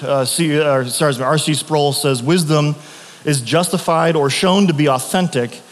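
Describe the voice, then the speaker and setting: A man's voice: a little high, in a large hall. A man preaching a sermon as pastor, telling stories in a loose conversational way with frequent restarts.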